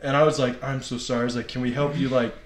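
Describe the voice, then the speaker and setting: A man in a casual podcast chat, telling a story in a slangy, animated way and laughing as he goes. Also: mid-range voice, fast. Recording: echoey room.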